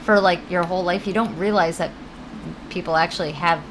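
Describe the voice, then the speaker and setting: A game streamer speaks a little fast in a low, steady voice, with background noise behind her. With her Connecticut accent, she rambles chattily while playing, reads her chat out loud, and swears now and then.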